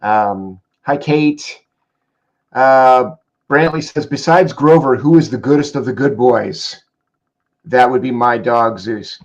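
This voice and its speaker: A man co-hosting a casual livestream chat, reading out viewer comments with quick asides. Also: medium pitch, lo-fi sound. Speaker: co-host reading viewer questions.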